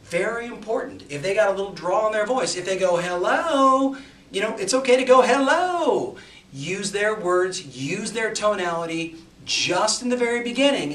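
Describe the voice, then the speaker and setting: A man giving an energetic, emphatic sales coaching talk, pushing some words loud and dropping others low. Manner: energetic and emphatic, with big swings in loudness. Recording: echoey room, mic at a distance, faint noise.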